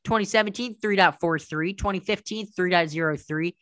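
A man co-hosting a casual sports podcast, animated and heavy on statistics. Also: high-pitched, fairly quick, no room sound. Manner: stat-heavy, animated, jokingly does an impression. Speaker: podcast co-host.

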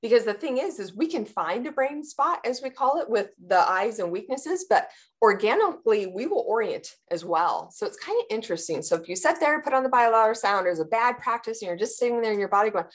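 A woman talking in a casual interview, explaining her work with athletes in a lively way, often acting out what her clients say and laughing. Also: on the high side, fairly quick. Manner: animated, acts out clients' voices, laughs often. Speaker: sports performance practitioner.

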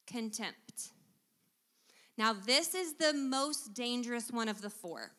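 Woman, middle-aged, teacherly, fairly high voice, long church reverb. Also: bright, forceful tone. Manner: teacherly, engages the audience with questions. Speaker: guest speaker at a church service. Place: church sanctuary.

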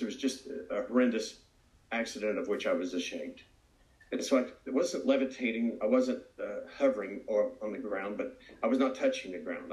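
Guy with a lowish voice telling his recovery story, earnest and reflective, echoey room. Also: darkish tone. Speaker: AA speaker. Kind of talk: personal recovery testimony. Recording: roomy echo.

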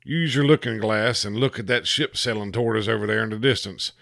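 A man voicing a panicky male ship captain who yells every line. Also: fairly low pitch, brisk, creaky. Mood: yelling. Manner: yelling.

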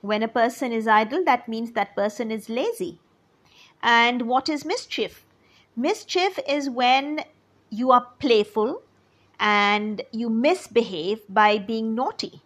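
Slow-spoken woman teacher, husky voice. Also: on the high side. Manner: slow and explanatory, defining words as she goes. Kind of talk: storytelling lesson for children.

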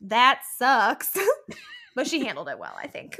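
A woman's voice: on the high side, wildly swooping pitch, slow, bright, forceful tone. A young woman co-hosting a podcast, chatting casually about a soccer match, swearing and laughing often. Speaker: podcast co-host. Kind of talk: casual sports chat.

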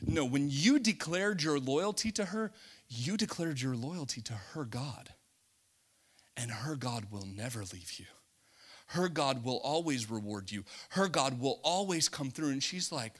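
A male preacher giving an animated sermon, laughing often and acting out scenes. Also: mid-range voice, unhurried.

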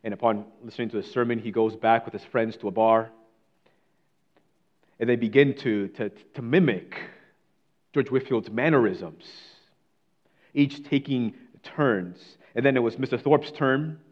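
A man delivering a sermon with a mid-pitched voice. His delivery is dramatic, rising to declaiming passages and sinking to hushed, near-whispered lines. The recording sounds dull and a bit lo-fi. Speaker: preacher.

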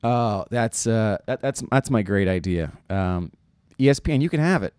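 A man's voice: on the low side, expressive, moderate pace, a little mellow, smooth, no echo. A young man from New York, rambling through a casual comedic monologue with lots of fillers and restarts. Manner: rambling, self-deprecating, many fillers and restarts.

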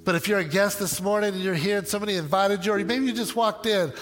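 A male pastor preaching a sermon in an animated way, with joking asides. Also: high voice, quick pace, in a large hall, soft background music.

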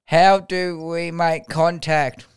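A man hosting a podcast, asking slow, halting questions. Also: a little high, level tone, clean tone. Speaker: podcast host. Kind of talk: interview questions.

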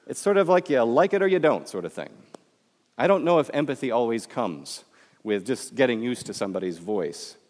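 Animated Midwestern man in a reverberant hall. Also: mid-range voice, a little fast. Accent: Midwestern American. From Michigan, USA. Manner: conversational and joking, addressing the audience directly. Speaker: speaker giving a talk. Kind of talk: public talk to an audience.

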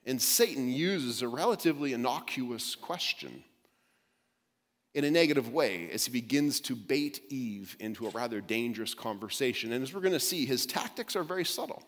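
A man's voice: medium pitch, animated, moderate pace, long reverb tail. A male preacher giving an emphatic sermon that often restarts his words mid-sentence.

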